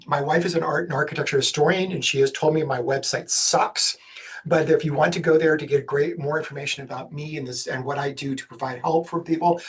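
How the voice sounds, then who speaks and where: Fast-talking husky man presenting. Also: a little high. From Southern United States. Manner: fast-talking, energetic, jokey asides. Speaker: special education law presenter. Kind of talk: webinar presentation.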